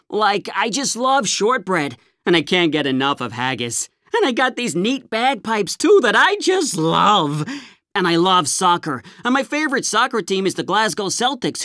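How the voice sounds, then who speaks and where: A woman's voice: fairly low pitch, fairly bright tone, no echo, clean studio sound. Woman playing a bubbly tourist. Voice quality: bubbly, chatty, filler "like". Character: gushing young American woman tourist, overeager and clueless. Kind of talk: comedy sketch monologue.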